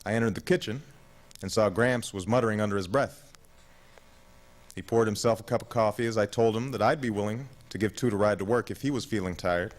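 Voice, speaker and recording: A man in his thirties narrating his own memoir as an audiobook, in a measured, reflective way. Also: on the low side, poor audio. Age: 30s.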